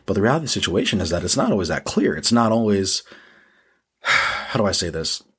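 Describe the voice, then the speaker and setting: A man's voice: on the low side, sing-song, a little fast, fairly bright tone, slightly rough. A man hosting a podcast, giving a casual motivational monologue in a blunt, profane and self-deprecating way. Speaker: podcast host.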